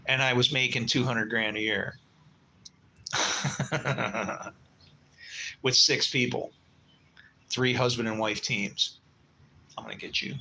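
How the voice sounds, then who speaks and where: A man's voice: mid-range voice, steady tone, takes it slowly, long pauses, bright, forceful tone, a little hiss or hum, poor audio. A man in his sixties hosting a casual livestream, telling long rambling stories in a blunt, swearing way and muttering asides. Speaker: livestream host.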